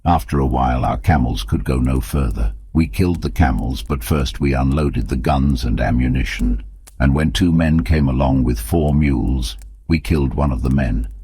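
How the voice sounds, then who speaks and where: A man reading an audiobook as narrator in steady, measured scripted narration, on a close mic. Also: very deep voice, breathy edge, no echo.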